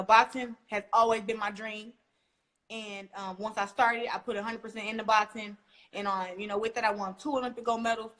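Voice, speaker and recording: A young woman from Flint, Michigan, talking casually as an interview guest, animated and acting out quotes as she tells stories. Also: medium pitch. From Flint, Michigan, USA. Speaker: guest boxer.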